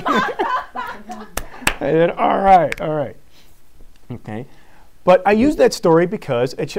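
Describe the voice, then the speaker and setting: Man, teacher giving a conference talk, lively storyteller, acts out quotes, laughs a lot, mid-pitched voice. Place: live conference session.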